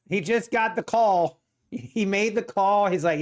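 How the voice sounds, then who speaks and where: A man hosting a live day-trading stream, excitable, laughing often and repeating himself. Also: high-pitched, measured pace. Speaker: day-trading livestream host.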